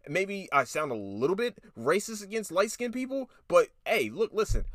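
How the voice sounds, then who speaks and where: A man hosting a casual solo podcast, his voice riding high and swinging widely in pitch as he rambles. He swears freely and restarts his thoughts often. The recording is dry and close. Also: dry recording. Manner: animated, profane, rambling with restarts. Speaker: podcast host.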